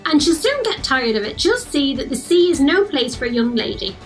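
A woman's voice: high-pitched, very animated, fairly quick, soft background music. A woman voicing a stern, proper noblewoman mother who scolds her daughter in a prim tone in a children's story. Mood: prim scolding.

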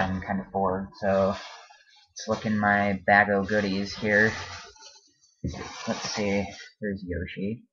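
A man talking casually in a home vlog, hesitant and halting, with many ums and restarts. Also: low voice, a bit bright, breathy edge. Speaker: vlogger. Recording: dull lo-fi home video.

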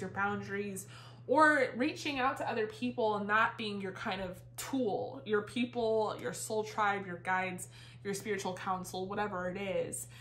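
A woman's voice: mid-range voice, fairly bright tone, slight background noise. A woman talks through a tarot reading in a loose, rambling way, full of fillers and casual swearing. She sounds a little out of breath throughout. The room adds a noticeable echo. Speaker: tarot reader. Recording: roomy echo.

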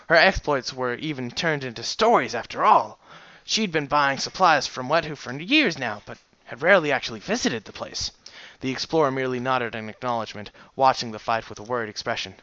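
A man casually reading a fan story aloud, animated, sometimes stumbling over words and chuckling at the text. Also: medium pitch, brisk, dry recording, lo-fi sound. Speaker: reader.

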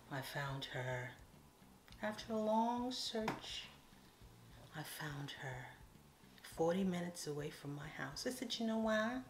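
A woman from an island, telling a casual storytime with playful, animated asides. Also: lowish voice, measured pace, a little hiss or hum. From Caribbean island. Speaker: vlogger. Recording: echoey room.

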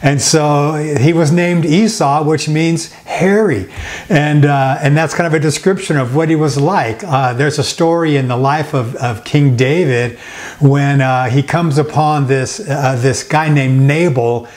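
A male pastor preaching a sermon, slowing down for emphatic repeated phrases, with frequent fillers. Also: on the high side.

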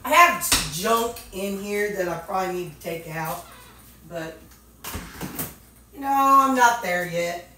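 A woman's voice: mid-range voice, animated, slow pace, long pauses, pushed and bright, slight background noise. A woman, chatting casually and thinking aloud with lots of fillers as she organizes her home kitchen. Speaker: vlogger. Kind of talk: casual chat while organizing. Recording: very echoey room, mic at a distance.

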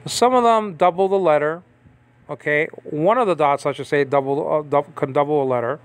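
A man giving a casual Bible language lesson, talking conversationally and checking in often with his listeners. He pauses and restarts as he reads text aloud from a screen. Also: on the high side, dry recording. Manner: conversational, checks in with frequent "okay?" and "you understand?". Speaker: Bible teacher.

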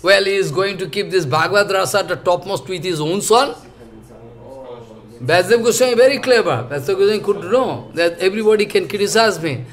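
A man with a high-pitched voice gives a scripture lecture. His delivery is halting and full of fillers, and he often restarts phrases as he searches for words. His tone stays earnest and explanatory. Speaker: spiritual teacher.

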